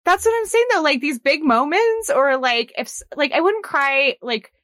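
A woman in her thirties co-hosting a podcast, her voice sitting a little high. She chats freely, full of "like" and quick laughs. The sound is dry and close, with no room echo. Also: expressive, fairly bright tone. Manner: chatty, lots of "like" and laughs. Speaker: podcast co-host. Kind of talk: casual chat.

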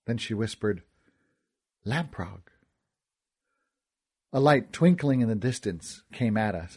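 A man narrating a first-person audiobook story, expressive and wisecracking in his character's dialogue. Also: mid-range voice, breathy edge.

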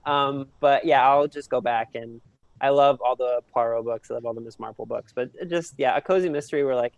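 Guy hosting a book chat, goofy and animated, plain mid voice. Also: mid-range voice, fairly quick, vocal fry, dry recording. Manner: animated, laughs along, goofy. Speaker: podcast host. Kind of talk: casual chat.

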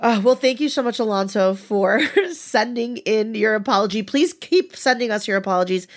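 A woman's voice: a little high, normal speed. A woman co-hosting a casual podcast, talking candidly, swearing freely and laughing often. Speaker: podcast co-host.

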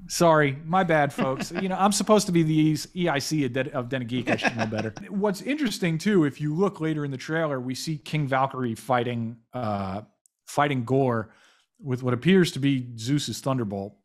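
A man hosting a casual panel chat about films, talking quickly and excitedly with many fillers and restarts. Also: medium pitch. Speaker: podcast host, editor-in-chief.

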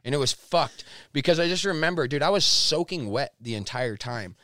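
Guesting on a podcast, a man with a fairly high voice tells a wild story at a fairly quick clip, animated and swearing constantly as he acts out what people said. It's a casual storytelling interview, recorded dry with clean studio sound.

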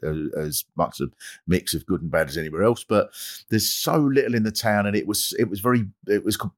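Man, comedy podcast host, lively pitch, storytelling, impressions. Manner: animated, bursts into mimicry. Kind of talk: comic storytelling chat.

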